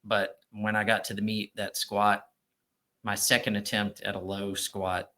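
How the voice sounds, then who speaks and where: A man, a gym owner telling loud, profane stories on a casual podcast. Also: fairly low pitch, level tone, a little slow. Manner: loud, profane storyteller acting out quotes. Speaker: gym owner and powerlifting coach.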